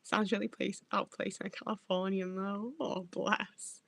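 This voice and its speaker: A woman's voice: mid-range voice, level tone, normal speed, creaky, dry recording. A sweary, rambling woman streamer, dry close sound. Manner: rambling, swears freely, stumbles over words. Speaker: livestreamer reading chat. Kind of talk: casual livestream chat.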